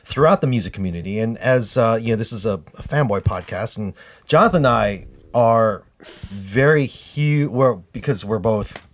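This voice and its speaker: A man co-hosting a casual podcast, speaking with an earnest, halting delivery as he explains. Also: fairly low pitch. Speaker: podcast co-host.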